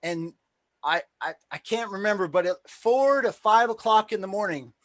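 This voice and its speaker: Hosting a live stream, an excitable man casually tells a promoting story, swearing freely and acting out the voices of the people he quotes. His voice is high, his pace moderate, and there's no echo.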